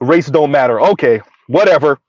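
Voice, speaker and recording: Blunt, mocking high-voiced man. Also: expressive, a little fast, darkish tone, dry recording. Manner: blunt, mocking, laughs often. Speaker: online commentator. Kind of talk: live-stream commentary reading chat. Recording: dull lo-fi dry sound.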